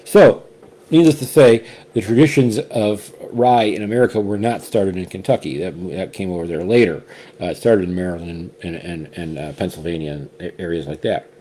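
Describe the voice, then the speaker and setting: A man's voice: low voice, moderate pace, mellow. A man hosting a casual whiskey tasting chat, rambling and restarting often as he shares his impressions. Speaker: whiskey reviewer, co-host.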